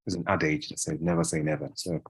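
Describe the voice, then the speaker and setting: Man, from Africa, deep voice, husky, dry sound, casual interview guest, keeps asking "right?". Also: fast, no echo. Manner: relaxed, often ends phrases with a tag question.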